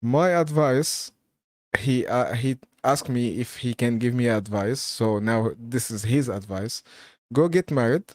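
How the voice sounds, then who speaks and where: A man's voice: mid-range voice, unhurried, darkish tone, dry recording, studio quality. A man hosting a live Q&A stream, chatting casually, laughing often and reading viewer comments aloud.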